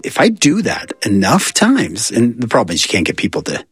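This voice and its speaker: A man's voice: mid-range voice, huge pitch swings, a little fast, husky, no room sound. A man talking as a guest in a casual podcast chat, reflective and playing out people's inner thoughts. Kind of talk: casual conversation.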